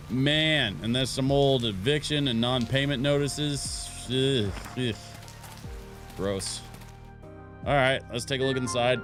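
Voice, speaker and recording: A man's voice: mid-range voice, slow, music in the background. A man casually playing a game on stream, reading on-screen text aloud and chatting as he goes.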